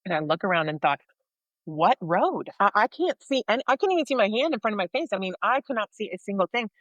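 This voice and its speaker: Animated woman telling a personal story. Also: mid-range voice, rapid-fire, no room sound, highs cut off. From United States. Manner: animated storyteller, acts out dialogue. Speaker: podcast co-host sharing her faith story.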